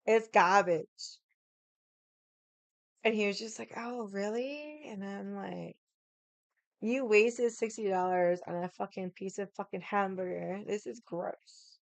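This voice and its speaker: A woman in her forties with a Boston accent rants to camera, blunt and profane. Her voice is smooth and clear at a middling pitch. The sound is dry and close. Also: steady tone, slow, pauses often, no echo. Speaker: vlogger. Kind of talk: casual rant to camera.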